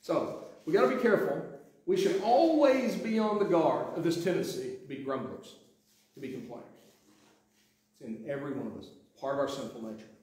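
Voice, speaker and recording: Pastor preaching in an echoey church. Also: male voice, a little high, expressive, fairly quick, darkish tone. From Sweetwater. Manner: conversational preaching with many restarts and acted-out quotes. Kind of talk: sermon. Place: church sanctuary. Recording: very echoey sanctuary.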